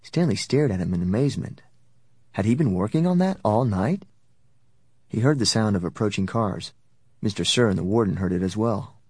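An audiobook narrator reads a novel aloud as scripted narration, using a steady, even, low storytelling voice at a normal speed. The recording is dry and close, with no room sound around it.

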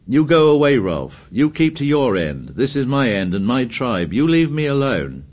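A man voicing an aggressive, mocking boy leader who shouts and taunts. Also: lowish voice, huge pitch swings, slow pace, husky, heavily acted. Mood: hostile.

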